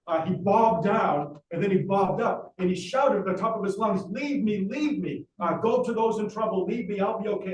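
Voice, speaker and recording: A man giving a history lecture as a dramatic story, with frequent "uh" fillers between phrases. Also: sits high. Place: library talk room. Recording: roomy echo, distant mic, faint hiss.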